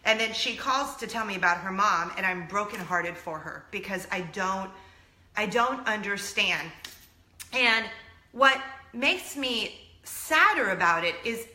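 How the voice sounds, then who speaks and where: Woman host in her thirties, heartfelt casual vlog storyteller, bright tone, roomy echo. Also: medium pitch, lively intonation, unhurried. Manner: emotional, earnest, near tears at times.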